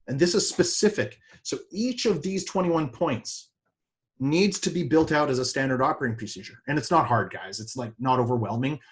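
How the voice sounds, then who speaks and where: Here a man addresses a seminar as a business coach, keeping things conversational and lively, with sudden excited rises in his pitch.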